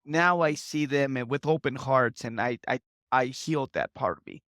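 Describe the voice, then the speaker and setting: A man in his thirties, a podcast guest, speaking tearfully in an earnest, halting way and often repeating himself. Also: mid-range voice, a bit bright, no room sound, clean studio sound. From United States and Mexico. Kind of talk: emotional interview talk.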